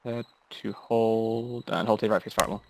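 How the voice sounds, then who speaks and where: A man giving terse orders in calm bursts over gaming voice chat, leading a line. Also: lowish voice, normal speed, creaky, background noise. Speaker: line officer giving commands.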